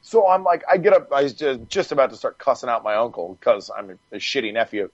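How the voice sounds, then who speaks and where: A man guest on a podcast, telling stories in a casual, animated way, swearing freely and laughing as he goes. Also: medium pitch, fast talker, dry recording, dull audio. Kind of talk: casual storytelling.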